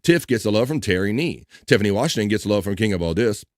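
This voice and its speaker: A man's voice: fairly low pitch, animated, quick pace, a little mellow, dry recording, clean studio sound. Chatty man hosting a livestream. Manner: upbeat, chatty, reads chat messages aloud. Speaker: livestream host. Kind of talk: casual chat reading live chat aloud.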